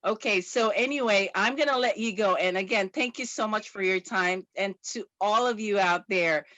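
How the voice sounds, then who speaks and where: A woman hosting an interview, effusive and gushing, talking with many halting restarts. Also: mid-range voice, pushed and bright, no room sound. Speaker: interviewer and host. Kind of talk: casual interview chat.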